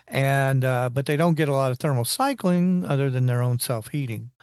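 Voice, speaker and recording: A man's voice: mid-range voice, normal speed, a little mellow, no echo. A man in casual technical conversation, rambling and restarting his sentences as he explains engineering ideas.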